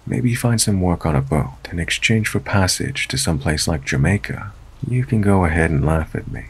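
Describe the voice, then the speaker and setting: A man narrating a first-person scary story in a steady, low-key storytelling manner. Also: moderate pace, creaky, slightly rough.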